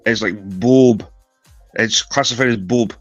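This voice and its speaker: A man's voice: mid-range voice, unhurried, no room sound, dull audio, soft background music. A Scottish man from the northeast of Scotland chatting as a guest on a live stream, rambling with lots of restarts. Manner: rambling, repeats himself, many restarts. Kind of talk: casual chat on a live stream.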